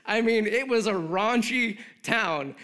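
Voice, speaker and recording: A man with a notably high voice delivers a sermon to a congregation. He talks loosely and conversationally, slipping in joking asides and a lot of "like" fillers between his points. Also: slow pace, pushed and bright. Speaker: pastor.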